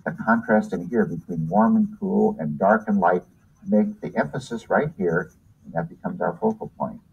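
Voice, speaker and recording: A man's voice: deep voice, moderate pace, vocal fry, breathy edge, dull audio. A man teaching art in a hands-on demonstration, talking unhurriedly while he works and pointing things out as he goes.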